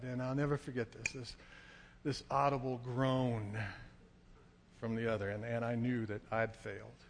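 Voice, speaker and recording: A man telling a dramatic story to an audience, acting out shouts and crowd noise as he goes. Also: mid-range voice, level tone, normal speed, in a large hall.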